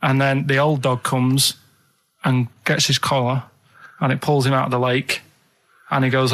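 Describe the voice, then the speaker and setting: A man on a radio show, chatting casually and telling rambling, halting stories full of restarts. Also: mid-range voice, level tone, fairly bright tone. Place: radio studio.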